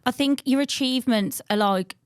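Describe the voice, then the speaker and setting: A woman's voice: fairly high pitch, normal speed, smooth, no echo, studio quality. A woman hosting an interview, attentive and encouraging, with lots of small affirmations. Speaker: host.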